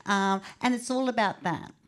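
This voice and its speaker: A middle-aged woman with an Australian accent, telling personal stories in an animated, chatty way at a book launch. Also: medium pitch, moderate pace. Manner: animated, chatty storyteller who acts out quotes. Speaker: author speaking at a book launch. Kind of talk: personal storytelling speech.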